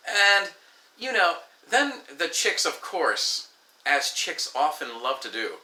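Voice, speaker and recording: Animated, sharp-voiced ranting man. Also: on the high side, measured pace. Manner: exasperated, profane, acts out quoted exchanges. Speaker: vlogger. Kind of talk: ranting storytelling to camera. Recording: echoey room.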